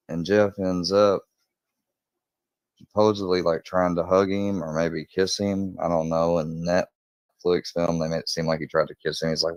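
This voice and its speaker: A man's voice: deep voice, level tone, normal speed, darkish tone, no room sound. A man telling a crime story in a casual, rambling way, swearing often and acting out quoted lines in a raised voice.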